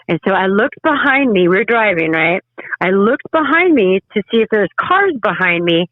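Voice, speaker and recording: A woman guest telling her story in an interview, halting and emotional with frequent restarts. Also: medium pitch, big pitch swings, no room sound. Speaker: podcast guest. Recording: tinny phone-line sound.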